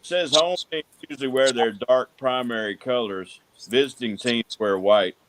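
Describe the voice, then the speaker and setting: A man's voice: medium pitch, moderate pace. A man co-hosting a casual sports talk show, rambling and hesitant with lots of filler words. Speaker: co-host.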